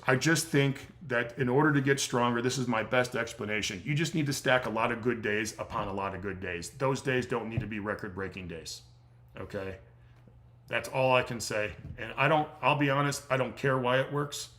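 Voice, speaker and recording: A man's voice: medium pitch, vocal fry, fairly bright tone. A middle-aged man coaching in a livestream Q&A, blunt and profane, getting fired up as he loses his voice. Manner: blunt, swears freely, gets fired up. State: losing his voice. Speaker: strength coach hosting a livestream Q&A. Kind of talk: casual livestream Q&A, profane and emphatic.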